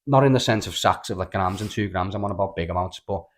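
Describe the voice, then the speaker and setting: A man's voice: low voice, fast talker. A Scouse man co-hosting a podcast, telling rambling, sweary stories with plenty of stammered restarts. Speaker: podcast co-host. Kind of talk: casual storytelling chat.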